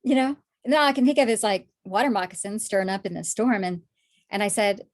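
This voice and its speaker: A woman sharing her personal faith testimony in conversation, animated when acting out past moments, soft and low when reflecting. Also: fairly quick. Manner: animated storytelling, acts out her own past words.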